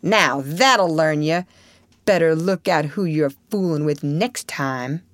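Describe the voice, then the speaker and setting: A woman's voice: low voice, slow, no room sound, clean studio sound. A woman voicing a brash young boy from a storybook, taunting and spoiling for a fight. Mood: triumphant. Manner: taunting, cocky boyish bluster.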